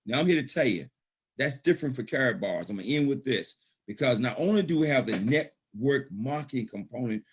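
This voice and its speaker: A man on a video call giving a motivational pitch with emphatic, preacher-like repetition. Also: breathy edge. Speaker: gold savings promoter.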